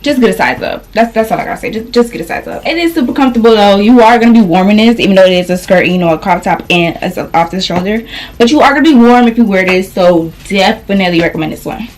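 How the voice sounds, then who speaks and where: A woman's voice: mid-range voice, fast talker, darkish tone. A young woman vlogger chatting casually through a clothing haul, a little out of breath, rambling and calling her viewers y'all.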